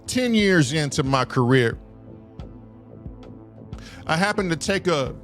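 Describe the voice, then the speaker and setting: An animated man tells a story live, his pitch swinging wide and sitting a little high. He curses freely and acts out the other people's voices. Faint music plays behind him. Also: slow pace. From Southern California. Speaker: co-host telling a story.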